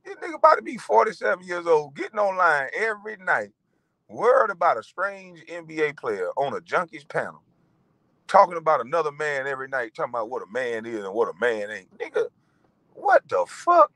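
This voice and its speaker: A man in his forties ranting in a profane monologue, animated and mocking, breaking into laughter. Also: on the high side, brisk, dry recording, rough recording. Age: 40s. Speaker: vlogger.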